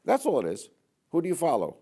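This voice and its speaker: A man's voice: on the high side, wildly swooping pitch, quick pace, warm tone. A man giving an emphatic political speech, leaning on repeated phrases and rhetorical questions. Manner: emphatic, repetitive rhetorical delivery. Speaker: public speaker. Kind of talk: political speech to a church audience.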